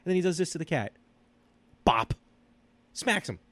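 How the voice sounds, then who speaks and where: This male podcast co-host talks at a racing speed, recorded dry. Chatting casually, he spins stories like an animated storyteller, performing other people's words with large pitch leaps.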